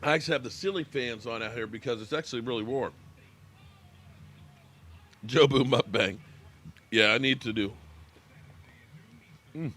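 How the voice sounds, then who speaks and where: A man's voice: medium pitch, moderate pace, long pauses, fairly bright tone. An American man hosting a casual live sports reaction stream, chatting with viewers by name and talking while he eats.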